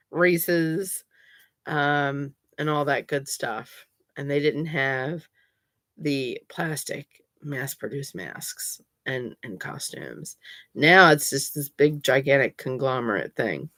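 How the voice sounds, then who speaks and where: Woman, low voice, slow and insistent, lots of ums, chatty vlog. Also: sharp tone, no room sound, studio quality. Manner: emphatic and insistent, chatty with many fillers. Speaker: pagan vlogger. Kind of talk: casual explanatory talk.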